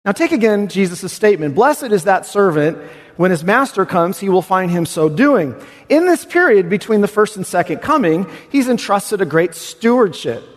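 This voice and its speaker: Animated male preacher in a reverberant hall. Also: high voice, moderate pace. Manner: animated, swings from hushed to exclamatory. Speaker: pastor. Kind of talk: expository sermon.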